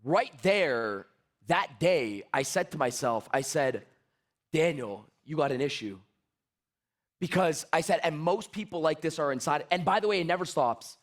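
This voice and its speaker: A man's voice: on the high side, measured pace. A man giving a motivational sales talk, telling a story and acting out both sides of the conversations, repeating his key points with emphasis. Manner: animated, acts out both sides of dialogues. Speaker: sales speaker.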